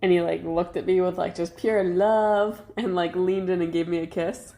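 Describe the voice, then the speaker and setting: A woman's voice: on the low side, steady tone, normal speed, warm tone. A young woman co-hosting a podcast, talking candidly in a rambling casual chat full of fillers. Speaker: podcast co-host.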